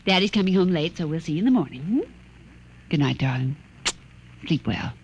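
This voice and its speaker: A middle-aged mother in a vintage radio drama, soothing yet fretful. Her pitch rises and falls expressively. Faint hiss from the old recording sits behind her. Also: lively intonation, fairly quick, darkish tone. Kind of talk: 1940s radio acting.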